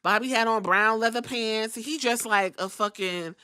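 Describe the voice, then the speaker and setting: A middle-aged woman hosting a podcast, recapping wrestling episodes in a casual, animated way, acting out quotes and swearing freely. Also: a little high, moderate pace, clean tone. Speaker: podcast host.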